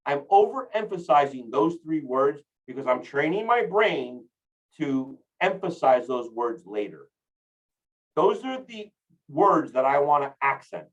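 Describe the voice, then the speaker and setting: A man coaching real estate agents in a casual, energetic training talk, rambling with many restarts while standing up. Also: fairly high pitch, far from the mic, highs cut off.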